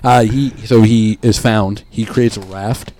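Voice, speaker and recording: A man's voice: lowish voice, fairly even intonation, measured pace, mellow. A man co-hosting a podcast in casual, crude, joking chat. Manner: crude joking, acts out characters in quotes. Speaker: podcast co-host.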